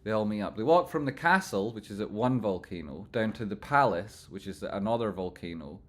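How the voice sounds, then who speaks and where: Low-voiced Scottish man chatting on a livestream. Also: expressive, fairly quick. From Scotland. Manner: chatty, swears freely, swings from loud jokey outbursts to soft sincere asides. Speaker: livestream host reading chat. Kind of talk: casual livestream chat.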